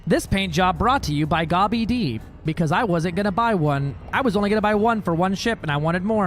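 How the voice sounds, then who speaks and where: A man's voice: high voice, fast talker, hardly any pauses, soft background music. A man streaming a space game, chatting casually with viewers in a joking, profane way. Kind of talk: casual gaming livestream chat.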